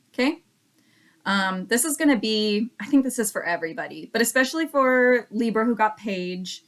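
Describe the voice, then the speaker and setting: A woman doing a casual oracle card reading for her viewers, chatty and repeating each affirmation slowly. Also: mid-range voice, a bit bright. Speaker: card reader.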